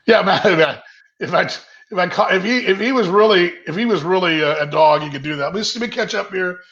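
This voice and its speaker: On a lo-fi video call with dull audio, a man rambles through a casual virtual happy hour in his kitchen, reading out viewer comments as he chats. He speaks fast in a high, fairly bright voice.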